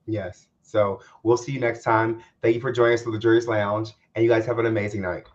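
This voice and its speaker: A man co-hosting a casual chat show, quick and excitable, repeating words as he talks. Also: fairly low pitch, lo-fi sound. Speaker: co-host.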